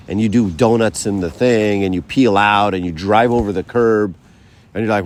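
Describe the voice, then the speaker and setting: A man's voice: on the low side, moderate pace. A man giving a casual spiritual talk to a group, telling stories with lots of "right?" and "you know". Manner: conversational, many fillers and asides like "right?"; tells stories by acting out quotes. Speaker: speaker giving a faith talk.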